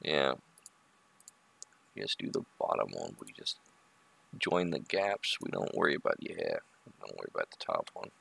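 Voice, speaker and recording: A man's voice: rumbling low, very animated, moderate pace, gravelly, long pauses, a bit bright, breathy edge. A man hosting a livestream, giving casual running commentary on his work on a 3D model and muttering to himself with joking asides, indoors at a computer. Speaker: livestream host.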